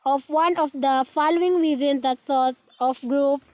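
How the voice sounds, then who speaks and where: A woman's voice: high-pitched, steady tone, measured pace. A woman with a Filipino accent reading a lesson module aloud, stumbling and restarting words, moving between English and Filipino. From Philippines. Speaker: student presenter.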